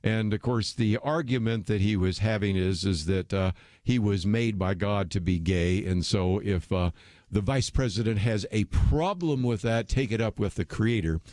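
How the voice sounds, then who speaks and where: A man's voice: fairly low pitch, moderate pace, a little mellow, no echo, studio quality. A man hosting a radio talk show, giving opinionated commentary in a conversational way with frequent fillers. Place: radio studio.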